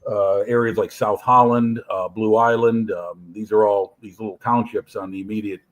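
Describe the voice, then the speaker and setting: A man's voice: fairly low pitch, level tone, moderate pace, muffled recording. A man from the Chicago area with a Midwestern American accent, chatting casually on a live panel and telling stories with lots of fillers and restarts. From Chicago area, USA. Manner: rambling storyteller, many fillers and restarts. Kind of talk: casual chat.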